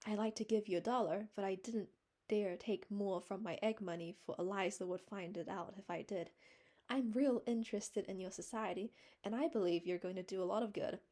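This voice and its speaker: A woman voicing a cheerful, put-upon older woman from a storybook, talking fast and out of breath. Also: medium pitch, mellow, lightly acted. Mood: hurried. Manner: hurried, out of breath.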